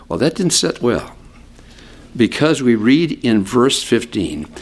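Animated preaching man, lively pitch. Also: slow, slightly rough. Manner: conversational, explains scripture with asides; animated, sweeping pitch for emphasis. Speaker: pastor. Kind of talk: expository sermon.

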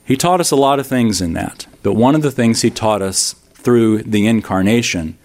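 A man's voice: on the low side, moderate pace, darkish tone. A middle-aged man preaching a sermon as a pastor, telling stories and acting out the people in them. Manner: storytelling, acting out quoted voices.

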